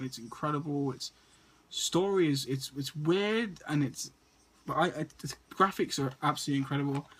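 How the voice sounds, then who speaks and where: A man's voice: fairly high pitch, fairly bright tone, husky. A man, stuttering and restarting often as he casually talks through a list of movies to his camera. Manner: stutters and repeats words often. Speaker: movie vlogger.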